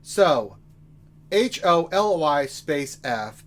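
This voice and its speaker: A rowdy man hosts a game livestream, joking and talking straight to the people in chat. His voice sits a little high for a man. The talk is loose and casual. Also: lively intonation, moderate pace. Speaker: livestream co-host.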